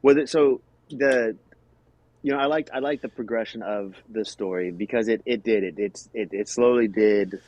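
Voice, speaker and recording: A man from the United States, a podcast guest, explaining things in a halting way with frequent restarts. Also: lowish voice, darkish tone, poor audio. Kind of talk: casual chat.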